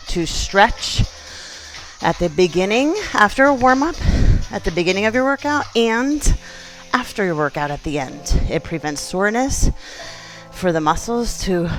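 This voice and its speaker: A woman's voice: fairly low pitch, low-quality recording. Woman, fitness instructor, chatty encouraging cues, counting reps, faint workout music behind. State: out of breath at times. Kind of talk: leading a gentle exercise class.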